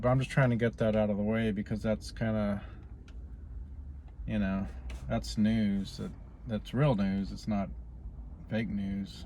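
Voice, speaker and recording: A man's voice: on the low side, little pitch movement, a little slow, long pauses, mellow, slight background noise. A man vlogging in a rambling, casual way, stopping often on "you know" as he drifts from politics to personal life.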